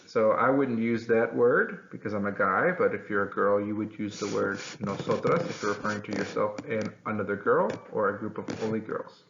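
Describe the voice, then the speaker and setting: A man teaching a Spanish lesson, patient and clear, repeating words slowly for his students. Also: lowish voice, steady tone, fairly bright tone, a little hiss or hum. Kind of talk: classroom-style language lesson. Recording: echoey room, slightly dull sound.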